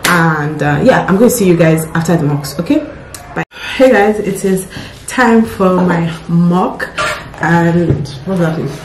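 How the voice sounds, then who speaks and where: A woman's voice: fairly low pitch, measured pace, echoey room, background noise. Chatty nervous young woman vlogging. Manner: chatty and nervous, repeats herself. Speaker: doctor vlogging exam prep. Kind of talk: casual vlog talk to camera.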